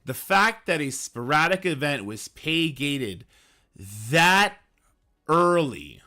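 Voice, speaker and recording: A man's voice: on the high side, expressive, a little slow, sharp tone. A man streaming about a mobile game, ranting in an emphatic, frustrated way and swearing now and then. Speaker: gaming streamer. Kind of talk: casual ranting commentary.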